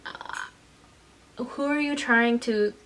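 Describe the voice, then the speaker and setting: A woman vlogging as a mother, frustrated and indignant, her voice shaken and close to tears, speaking in halting bursts with many restarts. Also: a little high, a bit bright, slight background noise. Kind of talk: emotional personal vlog recounting.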